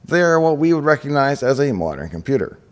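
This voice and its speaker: A man's voice: medium pitch, big pitch swings, fast. A man hosting a scripted explainer, telling the story with enthusiasm and chatty asides. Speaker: host.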